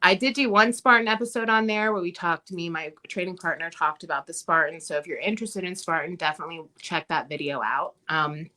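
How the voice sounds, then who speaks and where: Bright-voiced Minnesota woman guest. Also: lowish voice, brisk, hardly any pauses. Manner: animated storyteller who laughs often and acts out quotes. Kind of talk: casual chat.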